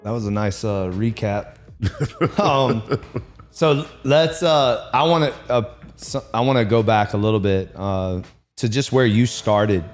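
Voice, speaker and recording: A man hosting a podcast, asking questions in an easygoing way with a lot of "uh" and "um". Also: on the low side. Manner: easygoing, fillers before questions. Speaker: podcast host. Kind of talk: casual interview.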